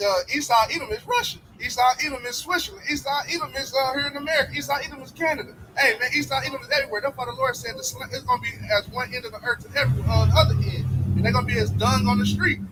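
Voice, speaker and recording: A man reading scripture aloud slowly and deliberately, with hesitations, then preaching on it. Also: very high-pitched, noisy background. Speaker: scripture reader.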